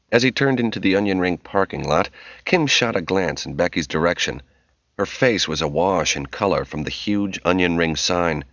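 A man reading a novel aloud as narrator, in measured, expressive storytelling. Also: low voice, no room sound. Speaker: audiobook narrator. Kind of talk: scripted narration. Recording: dull, muffled audio.

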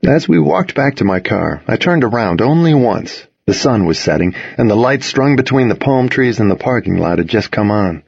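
A man narrating a first-person novel as an audiobook, in a measured storytelling manner. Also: medium pitch, expressive, creaky, a little mellow, breathy edge, no echo, lo-fi sound.

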